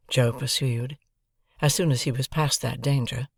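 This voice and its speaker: A man narrating a classic novel as an audiobook, reading in a measured, deliberate way. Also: mid-range voice, fairly even intonation, creaky, slightly rough, dry recording, clean studio sound. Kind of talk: scripted narration.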